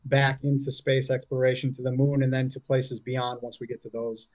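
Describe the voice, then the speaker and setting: Halting male debater on a video call. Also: medium pitch, completely flat delivery, a little mellow, no echo. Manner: halting, restarts words often. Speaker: flat earth debater. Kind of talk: online debate.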